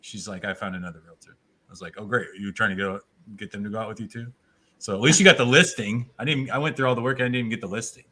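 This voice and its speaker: Bright-voiced man, wry and laid back. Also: on the low side, racing. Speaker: real estate agent, co-host. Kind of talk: casual chat.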